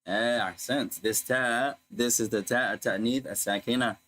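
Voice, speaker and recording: Man, grammar teacher, patient, repeats terms slowly, mid-range pitch. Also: steady tone, fairly bright tone, a little hiss or hum, rough recording. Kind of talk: online grammar lesson.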